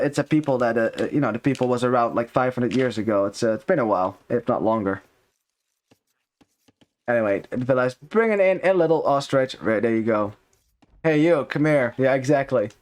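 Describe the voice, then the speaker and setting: A man casting a strategy game match live, talking in a chatty, upbeat way with many fillers and quick self-corrections. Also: medium pitch. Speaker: esports caster.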